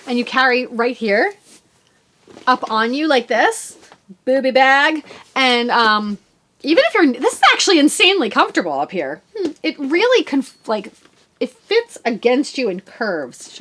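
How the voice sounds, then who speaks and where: Woman, forties, knitting podcast host, casual show-and-tell, rambling and self-mocking, bouncy pitch. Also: noisy background.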